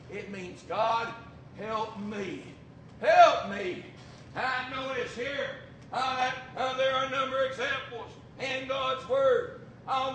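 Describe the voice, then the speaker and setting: A man preaching a sermon, fervent and building to shouts. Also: very high voice. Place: church. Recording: echoey distant room mic with noise.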